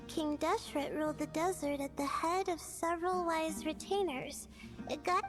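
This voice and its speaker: A man voicing a young, thoughtful male traveler hero in a game, speaking slowly with hesitant fillers, over game music. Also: extremely high pitch. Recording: game audio with music behind.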